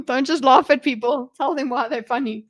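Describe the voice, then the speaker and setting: A woman's voice: high voice, normal speed, no echo. Chatty giggling woman, dry close sound. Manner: chatty, giggly, talks back to the video. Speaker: streamer commenting on a debate video. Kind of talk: casual live commentary.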